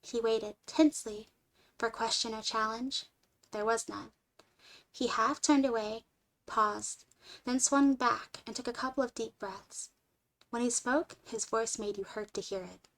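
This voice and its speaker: Woman reading a story out loud, fairly high voice, expressive, goes lively then hushed. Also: a little slow. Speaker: streamer reading a story aloud.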